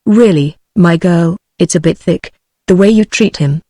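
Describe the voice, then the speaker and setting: Prickly young woman, quick to take offense, voiced by a flat TTS reader, dry sound. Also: mid-range voice, no room sound, close to an everyday voice. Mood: sharp. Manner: flat synthetic delivery. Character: fiery, sharp-tongued young woman, easily offended.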